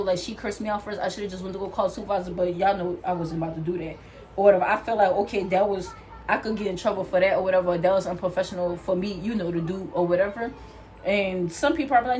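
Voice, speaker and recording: While styling her hair, a young female vlogger recounts something that happened at work, animatedly impersonating the people involved. Her pitch is medium.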